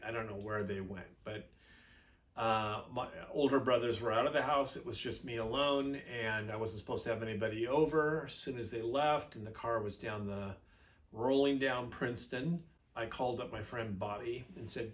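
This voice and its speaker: A man's voice: mid-range voice, a bit bright. A middle-aged man telling a personal story from his youth in a chatty, rambling way, with fillers and self-corrections.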